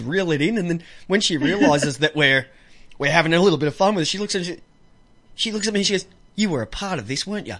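An Australian man hosts a radio show with casual banter, his voice fairly high and slightly bright. He jokes and laughs a lot while telling stories, acting out the voices of people in his anecdotes.

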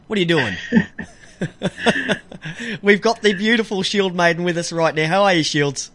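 A man's voice: high-pitched, a little slow, a bit bright. A man hosting a casual online show, a bit tipsy, rambling and stumbling over words with frequent laughs. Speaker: podcast host.

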